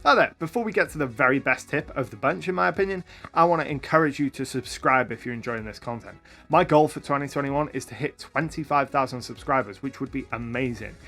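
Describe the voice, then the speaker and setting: A man hosting a tutorial for game masters, talking to camera with upbeat, lively energy. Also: mid-range voice, brisk, soft background music. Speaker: YouTube host and game master.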